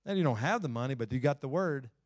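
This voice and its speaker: A man preaching a sermon in a loose, conversational way. He sits at a middle pitch and swings between emphatic lines and hushed, quiet passages. The recording is dry and close. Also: animated, quick pace, dry recording. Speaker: pastor.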